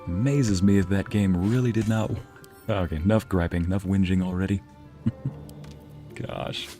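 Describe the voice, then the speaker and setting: A man's voice: low-pitched, steady tone, a little slow, over music. A man streaming a video game, chatting casually with viewers and answering their messages, sometimes slipping into Spanish phrases. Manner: chatty, reads and answers chat aloud, drops into Spanish phrases.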